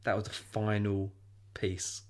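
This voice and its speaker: A man's voice: lowish voice, completely flat delivery, slow, a little mellow. A man, a podcast guest, reminiscing in hesitant casual chat. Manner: hesitant, reminiscing, laughs easily.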